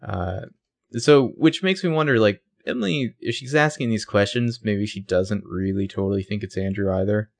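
Gravelly low-voiced male podcast co-host. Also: normal speed. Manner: jokey, slips into mock character voices. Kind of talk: casual recap chat.

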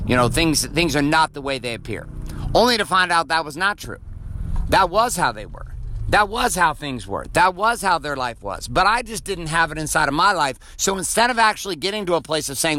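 A man's voice: on the high side, sing-song, brisk, sharp tone. A man hosting a motivational podcast. He talks bluntly and profanely, repeats phrases for emphasis and drives his points home with rhetorical questions. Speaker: podcast host.

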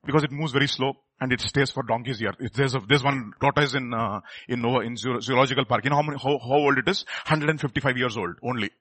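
A man preaching a sermon, firing rhetorical questions at the congregation and swinging from quiet asides to loud, emphatic peaks. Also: mid-range voice, fast talker, few pauses, breathy edge, no echo.

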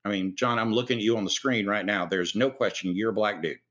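A man's voice: lowish voice, quick pace, a bit bright. A man hosting a casual video-call conversation, earnest and reflective, asking his guests questions. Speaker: host.

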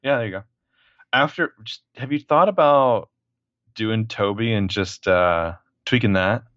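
A man co-hosting a casual movie podcast, animated and profane, acting out scenes as he talks. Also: lowish voice, a little slow, no echo, dull audio. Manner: animated, profane, acts out lines. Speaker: podcast co-host.

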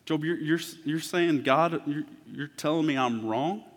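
A man preaching a sermon as pastor, moving from hushed, intimate talk to loud, impassioned preaching. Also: fairly high pitch, measured pace. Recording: long hall reverb.

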